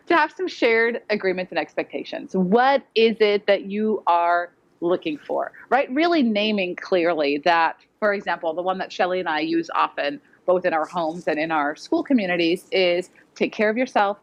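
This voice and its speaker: Speaking at normal speed in a fairly low, animated voice, a woman educator presents a conference talk to parents, and the recording sounds muffled. She keeps things direct and practical, performing the quoted voices. It takes place in a conference hall before an audience.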